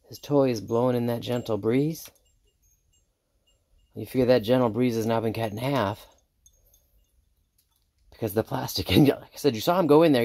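Woman homesteader, low voice, a little sick, relaxed rambling chat about her chores, dry close sound. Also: no room sound. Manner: relaxed, rambling with many ums. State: sick, under the weather. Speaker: homestead vlogger. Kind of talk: casual chat while doing chores. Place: outdoors on a small farm.

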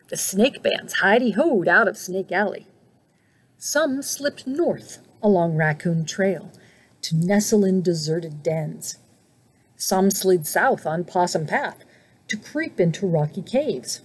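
Slow, expressive woman reading a storybook. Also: on the low side, breathy edge. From United States. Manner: slow, expressive, asks children questions. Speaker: faith formation director reading to children. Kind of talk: storybook read-aloud for children. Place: church setting.

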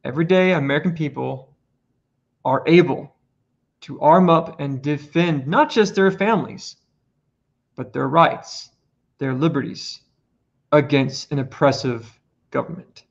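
A man's voice: on the high side, a little slow, creaky, long pauses. A man presenting his points earnestly on a casual podcast, building emphasis as he goes. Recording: lo-fi muffled audio.

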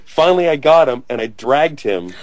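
A man in his forties being interviewed, telling an animated anecdote, acting out quotes loudly and laughing often. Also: medium pitch, normal speed, no room sound. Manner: excitable storyteller, acts out quotes loudly, laughs a lot. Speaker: actor interviewee.

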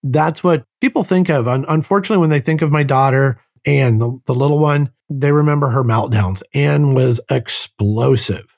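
A man hosting a podcast interview, a parent speaking in a thoughtful, measured way with some hesitations. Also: mid-range voice, vocal fry, darkish tone, dull audio. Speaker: podcast host.

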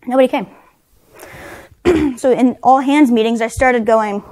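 A woman speaker, high voice, chatty. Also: measured pace, a little mellow. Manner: conversational, frequent "right?" tag questions; self-deprecating humor. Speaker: conference speaker. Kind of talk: leadership talk to a live audience. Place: conference session room.

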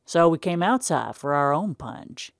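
A woman's voice: low voice, expressive, unhurried, vocal fry, no room sound, clean studio sound, exaggerated voice. A woman voicing a teasing young man ribbing his friend in a wry, easy way.

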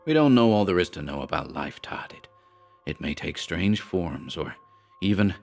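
A man's voice: deep voice, lively intonation, normal speed, gravelly, faint music behind. A man voicing a frightened, scholarly man who explains things urgently. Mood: uneasy.

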